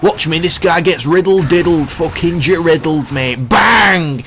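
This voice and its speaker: Ein Mann als großmäuliger junger Zocker, der pöbelt und prahlt. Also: male voice, a little high, a little slow, fairly bright tone, slight background noise, pitched above the performer's own voice. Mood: taunting. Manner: brash taunting, calls everyone mate. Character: cocky young male trash-talking gamer. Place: at home on a gaming mic.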